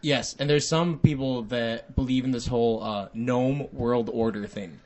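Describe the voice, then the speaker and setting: A man appearing as a guest on a comedy podcast, chatting playfully with deadpan asides. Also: mid-range voice, unhurried. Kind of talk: casual comedic chat.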